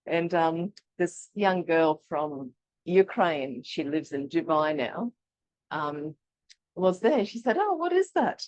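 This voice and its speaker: A woman from Eastern Europe leading an online workshop, talking in a chatty, animated way and laughing often. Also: deep voice, slow, dry recording, lo-fi sound. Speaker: workshop leader. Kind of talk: casual online workshop teaching.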